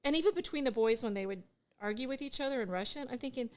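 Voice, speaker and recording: A middle-aged woman, a guest on a podcast, telling a story in lively, casual chat with frequent laughter and acted-out dialogue. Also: on the high side, fast talker. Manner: animated storyteller who laughs often and acts out dialogue. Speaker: guest, divorce mediation attorney.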